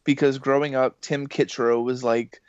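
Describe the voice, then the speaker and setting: A man, a voice actor and games journalist, telling rambling podcast stories in an excitable way, full of fillers and acted-out quotes. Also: mid-range voice, normal speed, clear, resonant tone, dry recording. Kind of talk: casual podcast storytelling. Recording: muffled dry podcast audio.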